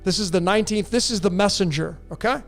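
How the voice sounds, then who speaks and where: A man hosting a show, answering listener questions in a rambling, animated casual monologue. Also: high-pitched, fast talker, gravelly, soft background music. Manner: rambling, animated, with restarts and laughs. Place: in Mexico.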